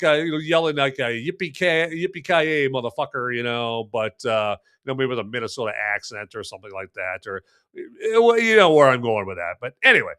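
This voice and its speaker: A man's voice: mid-range voice, a bit bright. A man hosting a live movie review podcast, rambling and joking while answering the live chat. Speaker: podcast host.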